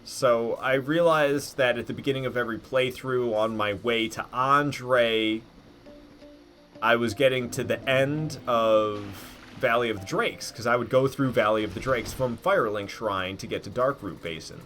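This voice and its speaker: A man's voice: mid-range voice, measured pace, a bit bright, faint music behind. A man giving rambling live commentary as he plays a game, talking to himself and cursing at his own mistakes. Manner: rambling, self-critical, swears when frustrated. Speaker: gameplay streamer.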